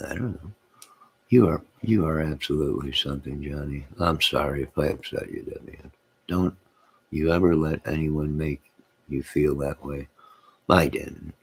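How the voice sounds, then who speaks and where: A man's voice: extremely low pitch, breathy edge. A man hosting his own channel, rambling to his live chat, reading out comments and laughing to himself. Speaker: channel host.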